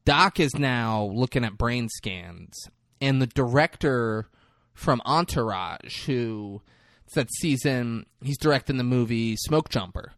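A man's voice: mid-range voice, lively intonation, takes it slowly, a bit bright, no echo. A man casually recapping a movie on a podcast, swearing, laughing and acting out the characters' lines. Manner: profane, laughing, acts out scenes. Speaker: podcast co-host.

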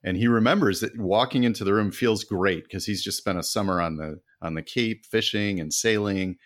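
A man's voice: lowish voice, normal speed, no echo, studio quality. A man co-hosting a podcast, chatty and laughing often as he tells a history story. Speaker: podcast co-host. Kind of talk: casual history chat.

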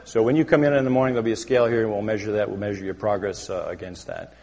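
A man preaching a satirical sermon as a pastor, mock-pompous and deadpan self-important, speaking to a congregation in a church sanctuary. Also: lowish voice, rapid-fire. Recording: long hall reverb.

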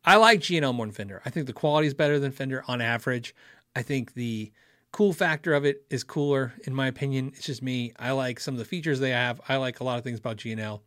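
A man's voice: medium pitch, quick pace, a bit bright, dry recording. Rambling middle-aged man, dry close sound. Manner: rambling, self-correcting, chuckles often. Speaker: livestream host reading chat. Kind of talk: casual storytelling chat.

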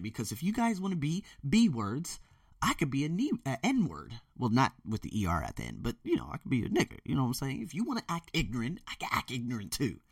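Young male podcast host, heated and profane rant, animated delivery, dry slightly distant sound. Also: medium pitch, quick pace, no room sound. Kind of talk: casual ranting monologue. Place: bedroom with door closed. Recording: dry room, voice a bit off-mic.

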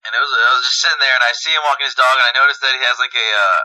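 A man's voice: mid-range voice, racing, bright, forceful tone, rough recording. A man co-hosting a podcast, telling a funny story in casual chat, rambling and laughing at his own stories. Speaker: podcast co-host.

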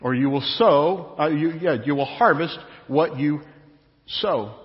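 In a church sanctuary that sounds echoey and dull, a pastor with a slightly high voice preaches at a measured pace. He addresses the congregation in a conversational storytelling style, repetitive and full of anecdotes.

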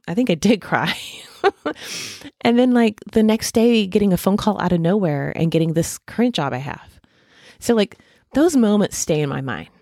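A woman's voice: low-pitched, a little mellow, no room sound, studio quality. A woman in her thirties talking casually and at length about hope and faith, rambling with many fillers and restarts. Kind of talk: casual reflective monologue.

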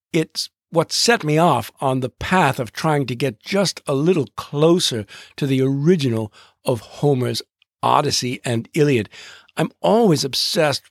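Slow, deliberate male podcast host. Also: mid-range voice, dry recording, clean studio sound. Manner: deliberate, drawing out rhythms. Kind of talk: scripted podcast narration.

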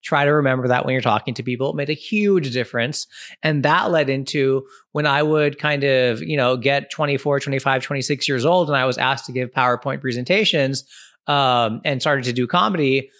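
A man's voice: mid-range voice, brisk, fairly bright tone, no echo, studio quality. A man in his thirties, a comedian and podcast host, giving casual advice in a chatty way full of "like" and "you know". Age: 30s.

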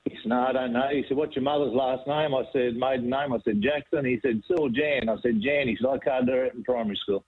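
A man's voice: medium pitch, steady tone, quick pace, hardly any pauses, husky. An Australian man from the country, calling in to a radio show and telling a yarn in a matey way. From rural Australia. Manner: yarning, matey storyteller. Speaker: caller. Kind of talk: phone-in anecdote. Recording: tinny phone line.

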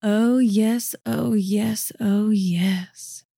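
A woman's voice: medium pitch, steady tone, very slow, creaky, dry recording, studio quality, full character voice. A woman playing a sultry, coaxing seductress. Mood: seductive. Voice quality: soft and sultry, calls him honey and sugar. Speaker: voice actor. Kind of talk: audio drama acting.

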